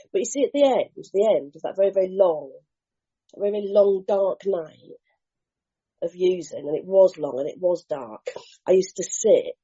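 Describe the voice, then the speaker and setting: A woman gives an earnest, animated share at a recovery meeting. Her voice sits fairly low and husky with a mellow, dark tone. The live recording sounds muffled and lo-fi. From England. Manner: earnest, animated storytelling, mimics other voices.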